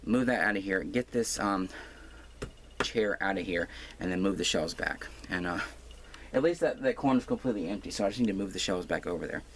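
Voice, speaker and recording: Man, home crafting vlogger, low voice, rambling and self-mocking, noticeable background noise. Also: brisk. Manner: rambling, full of fillers and restarts; self-deprecating. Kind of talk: casual rambling vlog. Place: room at home. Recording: noisy home recording.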